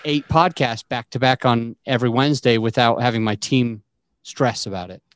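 A man's voice: mid-range voice, moderate pace. A man hosting a podcast, talking casually over a remote call. He laughs often and explains his gear in a chatty way. The sound is dry and close, with no room echo. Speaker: podcast host. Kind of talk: casual chat.

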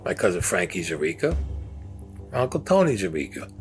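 An older man tells his story bluntly and profanely, with a streetwise swagger. His voice sits fairly low. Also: big pitch swings, a little fast, soft background music. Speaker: interviewee.

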